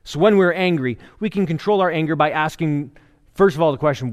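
A middle-aged man preaching a sermon in a relaxed, conversational way, telling jokes and stories to make his points. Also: fairly high pitch, fast. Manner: conversational preaching with joke storytelling. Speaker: pastor. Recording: long hall reverb.

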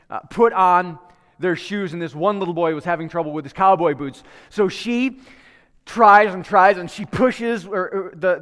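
A man's voice: high-pitched, a bit bright, long reverb tail. A male pastor preaching to a live congregation in a church, praying, telling a story and asking the people questions in a conversational way. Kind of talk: sermon with prayer and storytelling.

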